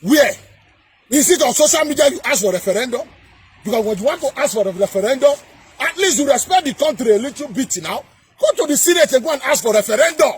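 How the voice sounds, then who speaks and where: A man with a Nigerian accent delivering a heated political rant to camera, repeating himself and often shouting. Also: very high voice, animated, fast, husky. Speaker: political commentator.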